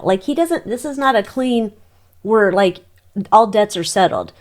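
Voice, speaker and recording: A woman's voice: mid-range voice, expressive, normal speed. A woman giving a casual psychic tarot reading, chatty and exclamatory, talking to her cards as she turns them. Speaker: tarot reader.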